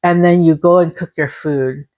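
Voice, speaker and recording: A woman's voice: sits low, fairly even intonation, normal speed, a little mellow. Encouraging woman giving a tarot reading. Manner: encouraging, speaks in long repetitive lists. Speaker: tarot reader. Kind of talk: casual spiritual tarot reading to viewers.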